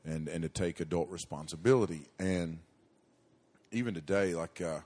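Preacher guy, middle-aged, low voice, rambling and folksy, lots of restarts. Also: moderate pace, darkish tone. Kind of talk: sermon storytelling to young people.

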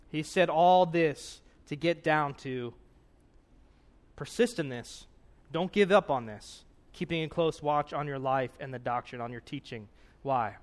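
A man preaching a sermon in an earnest, conversational way, often checking in with "right?" and reading scripture aloud with rising emphasis. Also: fairly high pitch.

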